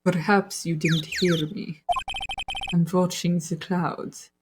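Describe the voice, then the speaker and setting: A woman voicing a cold, deadpan woman tied to the mafia, with a wobbly mock German accent and curt, flat lines. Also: on the low side, a little slow, background noise, natural voice. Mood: cold, dismissive.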